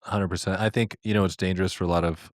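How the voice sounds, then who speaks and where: Deep-voiced male podcast host. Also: steady tone, quick pace, dry recording, studio quality. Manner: affirming, asks structured questions. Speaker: podcast host and worship leader. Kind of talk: casual podcast conversation.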